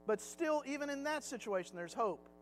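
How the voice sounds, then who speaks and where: A man's voice: extremely high pitch, expressive, normal speed, a little hiss or hum, low-quality recording. A middle-aged man teaching a Sunday Bible class in a church classroom, chatty and anecdotal, slipping into acted quotes. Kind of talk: conversational Sunday Bible lesson.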